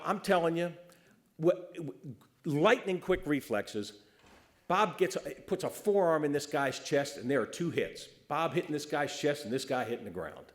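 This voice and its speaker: A man, a police officer, telling a funny story at a roast. He often stammers and restarts, and he acts out the people he quotes. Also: on the high side.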